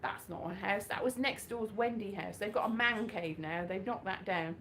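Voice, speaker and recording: At a small, echoey venue, a woman from Wales does live stand-up with slides, rambling and chatting and joking at her own expense. Her medium-pitched, fairly bright voice moves at a moderate pace over a little hiss or hum.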